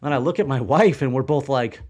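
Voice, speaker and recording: A man in his forties tells his story as a guest on a podcast. He rambles and restarts, and swears now and then when he recounts a shock. His voice sits at an ordinary middle pitch. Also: a little fast, darkish tone. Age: 40s. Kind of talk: candid storytelling in a podcast interview.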